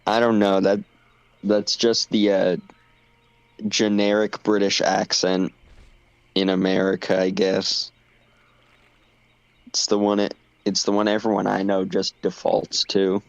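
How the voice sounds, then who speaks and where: A man's voice: on the low side, little pitch movement, gravelly, no echo, lo-fi sound. A man chatting casually on a stream while playing a game, distracted and apologetic. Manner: slow, distracted, self-deprecating chatter. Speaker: stream co-host.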